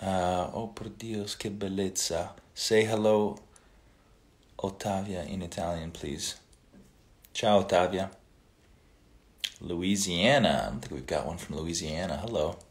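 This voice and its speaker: This is a deep-voiced man hosting a relaxed livestream, working through viewer comments and greetings and answering them. His pace is measured, he pauses often, and Italian phrases crop up now and then.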